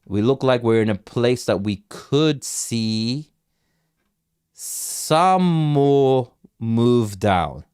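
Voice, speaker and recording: A man runs a live crypto chart stream, chatting loosely, repeating himself and asking viewers to send questions. His medium-pitched voice is expressive and a little mellow, with drawn-out words, captured clean in a studio with no room sound.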